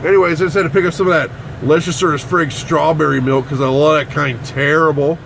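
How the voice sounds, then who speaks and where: A man rambling through a casual vlog, swearing constantly and breaking into loud outbursts. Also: fairly high pitch, fairly even intonation, brisk, creaky, slight background noise. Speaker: vlogger at a vape shop. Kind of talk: casual profane vlog chat.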